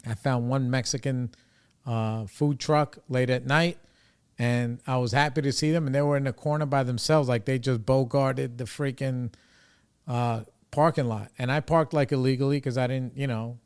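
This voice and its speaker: A man with a New York accent talks loosely to his audience, drifting from one thought to the next with plenty of "you know" and "like." His speech is casual and profane, at an ordinary middle pitch. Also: steady tone, normal speed, darkish tone, clean tone. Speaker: recovery podcast host. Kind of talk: casual rambling monologue.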